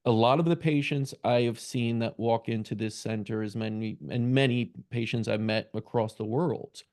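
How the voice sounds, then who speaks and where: A man hosting an interview, asking questions and reflecting in a measured, deliberate way. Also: mid-range voice, steady tone, a little mellow. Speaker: host.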